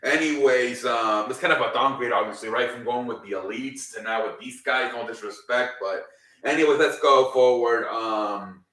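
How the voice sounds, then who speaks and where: A man talks through last night's wrestling in a loose, rambling way, full of "um" and casual swearing. His voice is bright and forceful. He sits back from the mic in a roomy space, so his words echo. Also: medium pitch, normal speed, recorded from a distance. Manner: rambling, filler-heavy, swears freely. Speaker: wrestling show recap host. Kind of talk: casual spoken recap.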